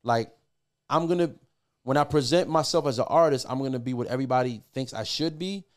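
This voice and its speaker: A man's voice: medium pitch, a little fast. A middle-aged man, a music producer appearing as a podcast guest, telling stories casually with lots of cursing, fillers and restarts. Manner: profane, loose, filler-heavy with many restarts. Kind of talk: casual storytelling.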